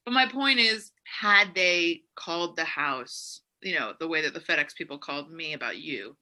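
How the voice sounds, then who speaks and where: A woman co-hosting a podcast, chatting casually and telling animated stories with loud acted quotes. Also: sits low, moderate pace. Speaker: podcast co-host. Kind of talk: casual chat.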